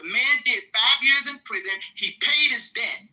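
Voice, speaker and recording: A man in a heated live audio-room debate, arguing forcefully and swearing often. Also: very high voice, moderate pace, poor audio. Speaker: debate participant.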